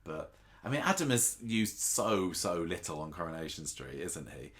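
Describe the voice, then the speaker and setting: A man's voice: low voice, sing-song, normal speed, a bit bright. A man co-hosting a casual podcast, rambling and thinking aloud with restarts. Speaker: podcast co-host. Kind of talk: casual chat about a TV soap.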